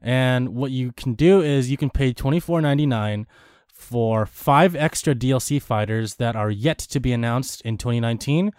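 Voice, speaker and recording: A young man talks casually about games in a rambling way, circling back and restarting his sentences. His medium-pitched voice sits close and dry, with no room sound around it. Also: moderate pace, darkish tone, smooth, dry recording. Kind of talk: casual gaming chat.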